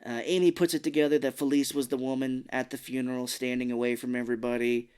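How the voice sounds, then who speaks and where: Co-host, male, casual recap voice, throws in brief character impressions, mid pitch. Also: flat delivery, a little mellow, clear, resonant tone. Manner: retells plot with quick put-on voices for characters. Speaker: podcast co-host. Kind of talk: casual film recap chat.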